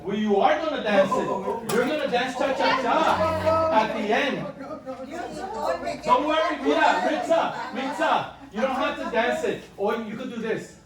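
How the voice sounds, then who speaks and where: Campo: diretora de coro. Sexo: mulher. Gravação: eco forte, longe do microfone, grupo conversando ao fundo. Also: female voice, high-pitched, lively intonation. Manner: switches between English and Spanish, patient and slow when reading. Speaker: choir director. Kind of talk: rehearsal instruction. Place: rehearsal room with a choir. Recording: echoey room, far from the mic, chatter behind.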